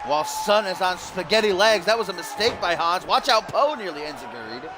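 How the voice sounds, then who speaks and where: Excitable wrestling-game commentator, a man. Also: high-pitched, fairly quick. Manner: excitable, bursts into shouts at big moves. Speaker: livestream host commentating a wrestling video game. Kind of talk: mock play-by-play commentary. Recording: loud game crowd and noise behind. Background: loud arena crowd and game sounds.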